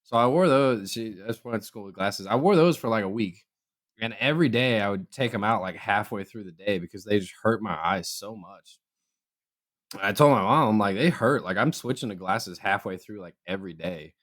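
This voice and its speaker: A young man chatting on a podcast, spinning a story in a relaxed, everyday voice. He keeps leaping up in pitch to act out the people he quotes, then drops back down to his normal tone. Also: moderate pace. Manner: animated, acts out quoted voices with jumps in pitch. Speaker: podcast co-host. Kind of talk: casual storytelling chat.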